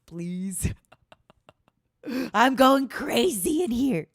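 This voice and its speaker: A woman streamer chatting playfully, teasing her viewers as honey and swinging between loud mock-dramatic outbursts and soft murmurs. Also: medium pitch, expressive, slow, pauses often, no echo, studio quality. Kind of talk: playful solo stream chat.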